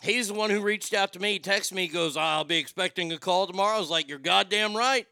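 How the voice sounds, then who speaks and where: A man in his fifties hosting a radio talk show, telling stories in a loud, joking, rambling way into a studio microphone. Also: high-pitched, brisk, creaky, smooth, dry recording. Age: 50s.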